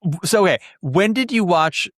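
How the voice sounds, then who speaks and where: A man's voice: sits high, animated, normal speed, a bit bright, dry recording, studio quality. A man hosting a podcast, chatting casually about musicals with campy, teasing, bawdy jokes. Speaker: podcast host.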